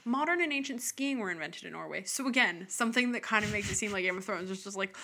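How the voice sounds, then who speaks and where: Young woman, podcast co-host, bright forceful voice, playful jokey chat. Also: medium pitch, expressive, fast talker, vocal fry. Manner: playful, jokey, mispronounces words self-mockingly. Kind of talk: casual chat.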